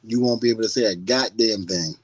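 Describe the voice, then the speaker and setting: A man's voice: lowish voice, fairly quick, a little mellow, husky, no room sound, rough recording. A middle-aged man on a podcast, talking casually and animatedly, laughing and mimicking people as he tells stories. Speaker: podcast guest.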